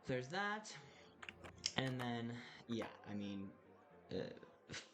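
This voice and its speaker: A man voicing a chatty, fretful androgynous tiefling drow bartender who talks fast and breezily, in a tabletop game. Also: mid-range voice, big pitch swings, noisy background. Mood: breezy. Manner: quick, gossipy, breezy complaining.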